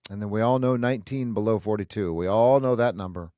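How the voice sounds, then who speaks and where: A man's voice: fairly low pitch, quick pace, dark tone, dry recording, clean studio sound. A man hosting a live trading stream, thinking aloud as he calls price levels and often restarts his sentences. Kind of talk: live market commentary.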